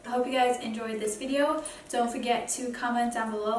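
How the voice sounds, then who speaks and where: A woman's voice: on the high side, a little fast, hardly any pauses, a little hiss or hum. A woman vlogger talking casually, earnest and encouraging as she speaks to her viewers. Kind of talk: casual motivational vlog talk. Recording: roomy echo, distant mic, faint music.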